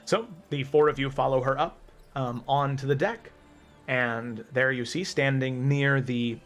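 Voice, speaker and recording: A man narrating a tabletop game as game master, meandering with frequent pauses and restarts. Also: medium pitch, fairly bright tone, soft background music. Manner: meandering, many ums and restarts.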